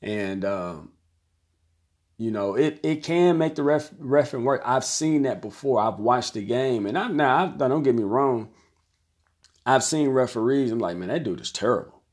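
A man's voice: medium pitch, a little slow, a little mellow. A man in his thirties, a basketball coach, talking casually to camera in a conversational, repetitive way and sometimes acting out other people's voices. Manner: conversational, repeats phrases, acts out quoted voices. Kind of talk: casual talk to camera, reviewing an article.

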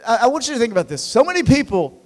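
High-voiced energetic preacher in a big hall. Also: male voice, racing. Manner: energetic, conversational, repeats words when excited. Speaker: pastor. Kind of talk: sermon. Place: church. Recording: long reverb of a large hall.

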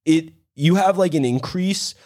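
A man's voice: on the high side, unhurried, darkish tone. A young man co-hosting a casual podcast chat, rambling with lots of fillers and swearing freely. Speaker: podcast co-host.

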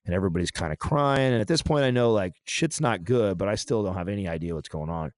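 Low-voiced man telling a personal story. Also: animated. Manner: halting, restarts often, emotional. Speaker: podcast guest.

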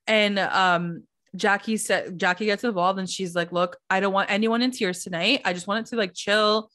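A woman's voice: mid-range voice, moderate pace, hardly any pauses. Woman podcaster rambling through a reality tv recap, says like a lot, acts out the quotes. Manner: animated storytelling, acting out quotes, lots of "like". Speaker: podcast co-host. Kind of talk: casual chat recapping reality TV.

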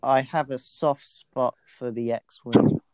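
A man's voice: medium pitch, fairly even intonation, slow pace, mellow, no echo. A young man co-hosting a casual podcast and asking the questions, dry and matter-of-fact.

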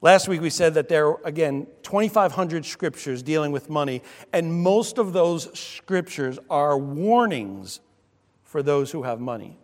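Male pastor, fairly high voice, animated sermon delivery, long church reverb. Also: a little slow. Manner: animated, with sudden loud exclamations.

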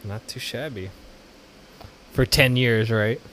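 Taking it slowly with a medium-pitched, fairly bright voice, a man co-hosts a laid-back podcast, laughing, joking and lapsing into exaggerated voices. A little hiss or hum can be heard.

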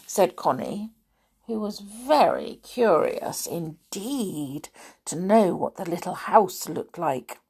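A woman reads a children's story aloud, her voice rising and falling with lively expression. She takes her time, slow and deliberate, making every sentence vivid. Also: lowish voice, slightly rough. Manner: expressive, animated. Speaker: narrator.

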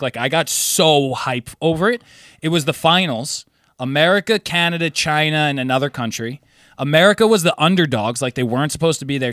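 A young man hosting a podcast, telling stories in excitable casual chat and swearing often. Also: fairly high pitch, dry recording, clean studio sound. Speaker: podcast host.

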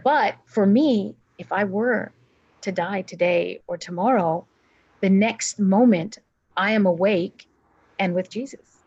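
A woman's voice: mid-range voice, slow pace, darkish tone, husky, muffled recording. A woman giving an earnest personal testimony as an interview guest, acting out her own prayers aloud.

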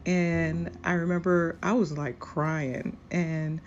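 A woman hosting a podcast, speaking in a slow, earnest, confessional monologue. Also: on the low side, little pitch movement, a little mellow. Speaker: podcast host. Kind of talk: personal reflective monologue. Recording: dull lo-fi recording with faint music.

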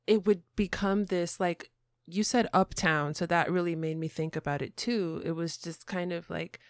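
A woman's voice: on the low side, fairly even intonation, moderate pace, no room sound, clean studio sound. A woman hosting a podcast interview, speaking thoughtfully and hesitantly with many fillers. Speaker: podcast host. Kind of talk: interview conversation.

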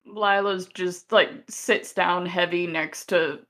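A woman's voice: lowish voice, steady tone, slow, fairly bright tone. A woman playing a tabletop game, hesitantly narrating what her character does. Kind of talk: casual game-table chat.

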